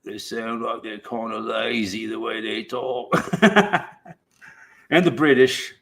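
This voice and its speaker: Hosting a casual livestream, a middle-aged man from the United States drifts from thought to thought, swearing and laughing in between. He speaks slowly and drawn out, in a medium-pitched, somewhat bright voice.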